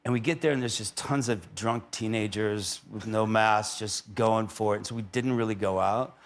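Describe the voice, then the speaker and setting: A man's voice: fairly low pitch, normal speed. A middle-aged man chatting casually as a talk show guest, rambling and laughing often. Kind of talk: casual chat.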